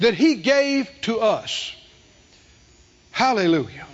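High, lively-voiced male preacher in a hall. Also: slow pace. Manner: emphatic, rhetorical questions, calls on the congregation. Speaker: pastor. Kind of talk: sermon. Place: church hall with a congregation. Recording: dull recording with long hall reverb.

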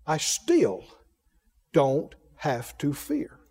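A man preaching a sermon, leading the congregation in call-and-response and rising to shouted, drawn-out declarations. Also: on the high side, huge pitch swings, breathy edge, in a large hall. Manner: leads the congregation to repeat lines.

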